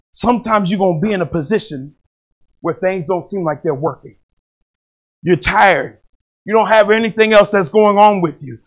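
Impassioned pastor preaching at Bible study. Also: male voice, extremely high pitch. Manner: impassioned, rising to shouts when retelling a plea; slows and drops soft when reading scripture aloud.

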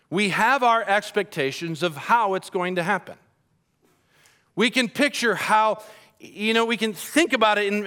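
Bright-voiced man preaching a sermon. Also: high voice. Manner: storytelling, dramatic shifts in volume. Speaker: pastor.

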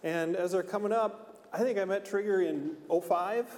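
A man serving as liturgist, leading a slow, measured prayer in church and introducing the children's message. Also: sits high, darkish tone. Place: church sanctuary. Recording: long church reverb.

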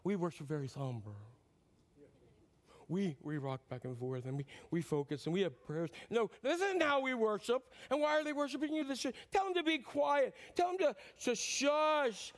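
A man's voice: on the high side, normal speed, long pauses, voice pushed down, natural voice. A male pastor acting out a stern, fussy Pharisee who scolds a cheering crowd. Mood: hushed somber. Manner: indignant, then hushed and somber.

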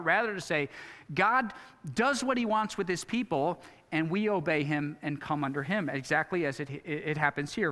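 Pastor, male, slightly high voice, conversational sermon full of rhetorical questions, church hall reverb. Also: bright, forceful tone. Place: church sanctuary.

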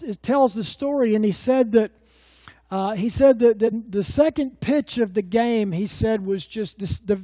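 A man's voice: sits high, mellow, no room sound. A middle-aged man preaching a sermon as pastor, telling stories in a folksy way with many fillers and restarts.

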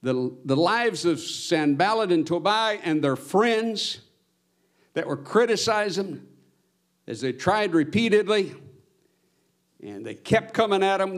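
A man's voice: high-pitched, animated, slow pace, long pauses. A man preaching a sermon as pastor, earnest, his voice swelling on his exhortations.

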